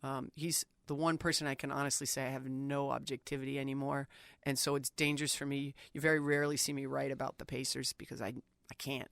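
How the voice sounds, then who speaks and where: A middle-aged woman sportswriter, an animated storyteller, talking casually as an interview guest. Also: very deep voice, vocal fry, dry recording. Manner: animated storyteller, quick and talkative.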